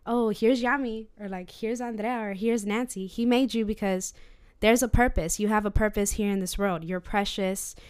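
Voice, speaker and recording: A woman's voice: medium pitch, smooth. A woman co-hosting a Christian podcast, talking earnestly and personally about faith with small nervous laughs. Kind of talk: casual faith discussion.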